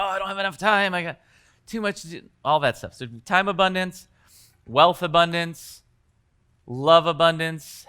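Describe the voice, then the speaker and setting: Bright, clear-voiced male coaching trainer. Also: a little high. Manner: conversational, acts out example dialogues. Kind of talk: teaching a live workshop to coaches.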